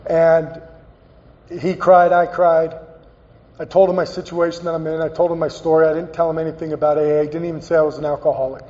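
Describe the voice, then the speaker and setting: A man giving a personal, earnest recovery talk as a guest speaker, halting and repeating phrases as he tells his story. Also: on the high side, little pitch movement, warm tone. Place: meeting hall. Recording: dull, echoey hall recording.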